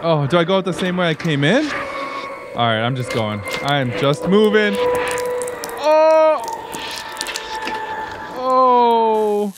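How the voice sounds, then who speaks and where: A man's voice: a little high, expressive, normal speed, heavy background noise. A man giving let's-play commentary on a horror game, talking to himself and breaking into startled yelps and gasps. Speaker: gaming YouTuber. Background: game music.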